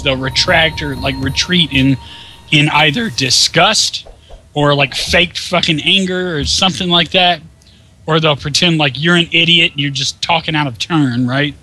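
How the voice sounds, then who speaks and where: A man's voice: fairly high pitch, pushed and bright, low-quality recording. A man ranting in casual chat over gameplay, swearing often and sounding incredulous. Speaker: gaming co-host.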